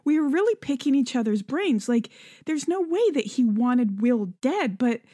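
A woman with a fairly high voice reads listener emails on a podcast and chats about them. She sounds earnest and laughs easily. The recording is dry and close. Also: very animated, normal speed, mellow, no echo. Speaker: podcast co-host. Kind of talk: casual podcast chat, reading listener emails.

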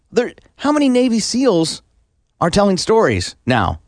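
A man's voice: sits high, wildly swooping pitch, moderate pace, no room sound. A man co-hosting a podcast, chatting casually in a skeptical and argumentative way. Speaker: podcast co-host. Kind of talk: casual chat.

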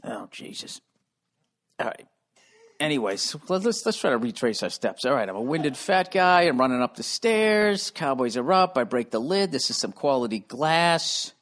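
A middle-aged man hosting a podcast from his home, rambling loudly and profanely and losing his train of thought. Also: medium pitch, animated, moderate pace. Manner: profane, loud, easily sidetracked. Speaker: podcast host. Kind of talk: rambling comedic monologue. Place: room at home.

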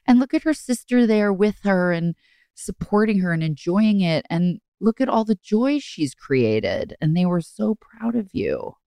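A woman's voice: medium pitch, sing-song, measured pace, creaky, mellow, no echo. A woman co-hosting a podcast in casual chat, effusive and rambling. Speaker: podcast co-host.

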